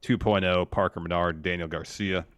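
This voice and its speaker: A man's voice: low-pitched, moderate pace, no echo, studio quality. A man co-hosting a podcast, recapping a wrestling show in casual chat. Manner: relaxed, recapping and reading out promos. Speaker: podcast co-host.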